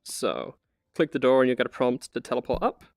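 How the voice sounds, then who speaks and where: A man's voice: mid-range voice, sing-song, brisk, creaky, no room sound. A man giving a casual, chatty live-stream tour of a virtual apartment he built, with lots of fillers and frequent laughs. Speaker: community manager giving a VR tour.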